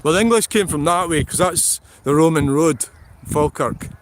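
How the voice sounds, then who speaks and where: A man's voice: a little high, moderate pace. Scottish guy rambling outside in a field, blunt n sweary, laughs a lot, bit of faint noise behind. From Scotland. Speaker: vlogger. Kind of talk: rambling livestream chat. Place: outdoors in a field.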